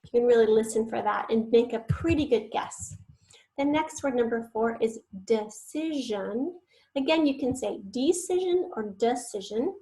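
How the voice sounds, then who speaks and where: A woman's voice: fairly high pitch, lively intonation, normal speed, dark tone, poor audio. A woman teacher giving an online spelling lesson, patiently sounding out words syllable by syllable and sometimes whispering the letters.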